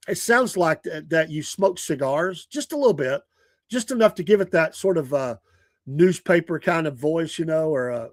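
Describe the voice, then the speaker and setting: Older man, folksy rambling chat, chuckling, slightly high voice, dry sound. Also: no room sound. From Georgia, US. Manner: folksy, chuckling, repeats himself. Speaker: show guest and streamer. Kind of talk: casual chat.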